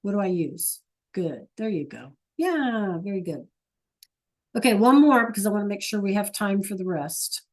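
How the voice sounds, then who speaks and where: A woman's voice: mid-range voice, animated, moderate pace. A woman teaching an online Spanish class, patient and coaxing, asking students question after question over a computer mic.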